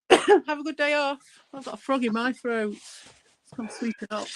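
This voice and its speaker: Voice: high-pitched, measured pace, low-quality recording. A speaker, rambling and swearing freely while chatting casually online as a co-host. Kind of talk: casual chat.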